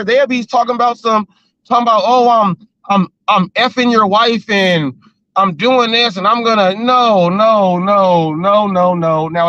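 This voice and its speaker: A man's voice: high voice, a bit bright, dry recording, highs cut off. A man hosting a casual live-stream talk show, explaining himself earnestly with restarts and fillers. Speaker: host of a gig-work talk show.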